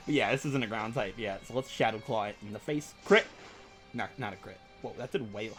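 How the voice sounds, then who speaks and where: A man hosting a let's play, rambling and joking excitedly over his game. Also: lowish voice, fairly quick, soft background music. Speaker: gaming channel host.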